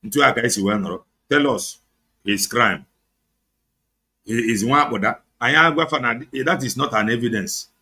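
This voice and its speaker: A man's voice: mid-range voice, normal speed, bright, forceful tone. A Nigerian man with an Igbo accent, hosting an online show, giving heated, sarcastic political commentary and switching between English and Igbo. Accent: Nigerian, Igbo-speaking.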